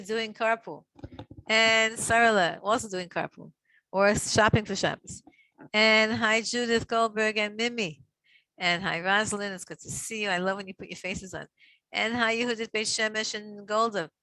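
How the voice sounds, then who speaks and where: A middle-aged woman teaching a Torah class on a video call, chatty and warm, greeting each listener by name. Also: mid-range voice, dry recording. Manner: reads Hebrew verses slowly for others to repeat.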